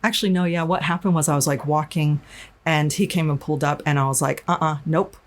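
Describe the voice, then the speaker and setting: Candid woman from arizona, low voice, guest on a chat podcast, swears a bit. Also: brisk. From Arizona, USA. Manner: candid, frank, swears, many restarts. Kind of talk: casual storytelling interview.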